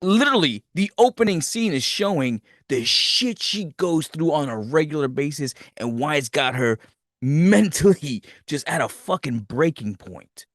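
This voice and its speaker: Animated, foul-mouthed male podcast host. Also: on the high side, unhurried, no echo, clean studio sound. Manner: profane, animated storytelling. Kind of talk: casual movie review rant.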